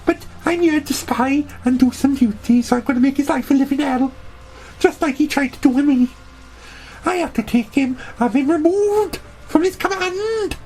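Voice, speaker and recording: High-voiced woman telling a brash comic tale. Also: normal speed, mellow, rough recording. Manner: brash, boastful, rambling. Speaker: storyteller. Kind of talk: comic audio-story narration in character.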